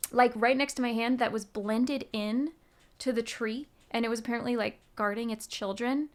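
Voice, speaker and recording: A woman's voice: on the high side, fairly even intonation, moderate pace. Chatty woman streamer. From United States. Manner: rambling and chatty, full of "um" and "like". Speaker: musician streamer. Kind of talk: casual livestream chat, answering chat.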